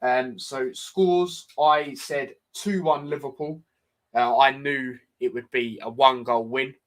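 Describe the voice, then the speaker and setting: A man's voice: medium pitch, steady tone, slow pace. A young man, hosting a casual football predictions chat, talking loosely with many fillers and asides. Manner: chatty, filler-heavy, says "do you know what I mean" often. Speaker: football podcast host.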